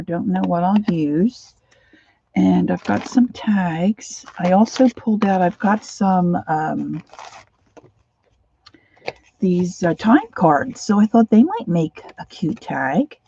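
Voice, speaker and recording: A woman chats her way through a craft livestream at her home desk, rambling from one thing to the next and slipping into quiet whispered asides. Her voice is dark and mellow with a gravelly edge. The sound is muffled and lo-fi, picked up by a phone or camera on the desk. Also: on the low side, animated, slow, a little hiss or hum. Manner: chatty and rambling, drops into soft whispered asides. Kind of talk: casual craft livestream chat.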